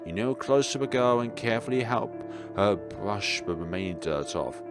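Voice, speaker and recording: A man's voice: fairly low pitch, animated, normal speed. A man reading a horror visual novel aloud and making playful, wry asides. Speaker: gaming video creator. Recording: game music behind.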